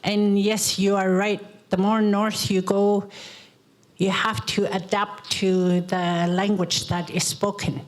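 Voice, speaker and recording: Woman, panel audience comment, very slow pace, repetitive storytelling, reflective. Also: mid-range voice, flat delivery, poor audio. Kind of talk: reflective comment sharing teachings.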